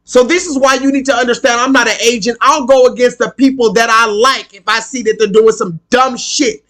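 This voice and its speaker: A man with a strikingly high-pitched voice holds forth on a live stream. He rants with heat and plenty of swearing, hammering his points again and again. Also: fairly even intonation, fairly quick, a bit bright. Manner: heated, profane, emphatic, repeats himself. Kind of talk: ranting live stream monologue.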